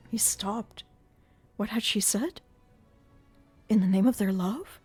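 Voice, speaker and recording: A woman narrating a classic novel aloud in a measured, dramatic reading style during a live stream. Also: mid-range voice, a little mellow, husky, soft background music. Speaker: audiobook reader.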